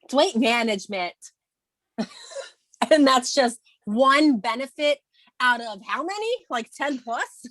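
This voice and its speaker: A woman's voice: high-pitched, expressive, slow pace, a bit bright, dry recording. A woman in her thirties co-hosting a morning video call, speaking candidly and emotionally with emphatic bursts and restarts. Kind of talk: casual motivational chat.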